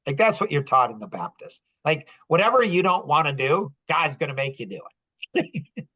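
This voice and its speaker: A man hosting a business podcast, telling a story in casual talk, animated and laughing often as he acts out dialogue. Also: fairly high pitch, normal speed, low-quality recording. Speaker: podcast host.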